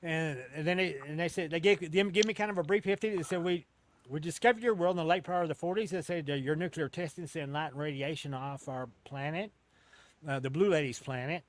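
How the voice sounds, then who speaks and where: Man with a slightly high voice, rambling. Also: brisk. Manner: rambling, with many restarts and casual swearing. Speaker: interview guest recounting an encounter. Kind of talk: casual storytelling in an interview.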